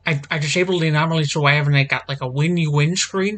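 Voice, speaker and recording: A man's voice: on the high side, steady tone, a little fast, fairly bright tone. A man at his computer desk giving playthrough commentary, getting more and more exasperated and ranting to himself as he plays. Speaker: gaming channel host. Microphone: desk microphone.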